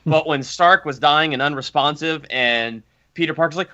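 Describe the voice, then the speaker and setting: A man chatting casually about a film, excitable and openly emotional. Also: a little high, moderate pace, few pauses, clear, resonant tone. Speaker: guest. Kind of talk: casual discussion. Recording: lo-fi online call audio.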